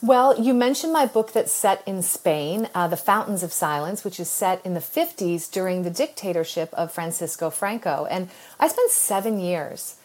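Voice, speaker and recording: Her voice sits lowish and a little rough, moving at normal speed with few pauses. She's a middle-aged American author being interviewed, sharing a personal story earnestly and expressively while laughing frequently.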